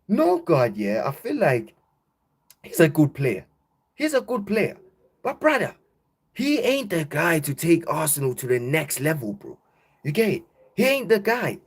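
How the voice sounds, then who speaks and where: A young man hosting casual football banter, ranting loudly and animatedly, packing his talk with slang and repeated "bro". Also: fairly high pitch, sing-song, measured pace, husky. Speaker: football channel host.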